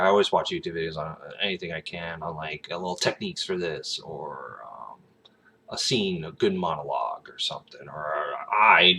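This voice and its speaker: A low-pitched man with a Southern American accent chats through a rambling vlog. His voice is bright and forceful even at its deep pitch. He pauses on fillers and restarts his sentences often. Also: vocal fry, slight background noise. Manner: breaks into brief high-pitched accent imitations. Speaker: aspiring actor.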